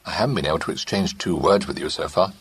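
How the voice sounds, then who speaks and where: A man reading an audiobook, voicing a blunt young gentleman who persists in courting. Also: sits low, fast, husky. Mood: teasing. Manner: blunt, straight to the point.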